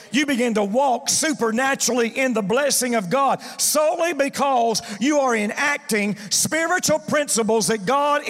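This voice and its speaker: A man's voice: very high-pitched, fairly bright tone, in a large hall. A male pastor preaching a sermon, calling on the congregation to answer back and repeat his words. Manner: preaching with call-and-response to the congregation. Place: church sanctuary.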